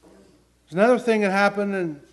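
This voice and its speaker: A man's voice: sits high, normal speed. A middle-aged man preaching a sermon, telling personal stories in an earnest way and building to emphatic questions.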